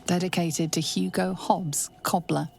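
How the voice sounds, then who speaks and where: A woman voicing a dry game narrator who reads grave inscriptions in a deadpan, unimpressed way. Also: fairly low pitch, a little slow, gravelly, slight background noise. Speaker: game narrator reading tombstones.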